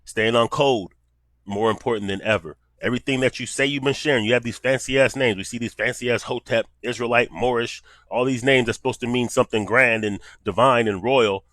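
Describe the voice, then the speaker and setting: A man's voice: mid-range voice, steady tone, a little fast, fairly bright tone, no echo. A man giving casual commentary in blunt, profane street talk.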